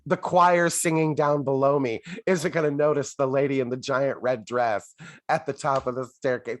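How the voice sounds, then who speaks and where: A man's voice: mid-range voice, fairly even intonation, normal speed, no echo, studio quality. A man co-hosting a casual podcast chat, sarcastic and wry, with some swearing. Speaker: podcast co-host.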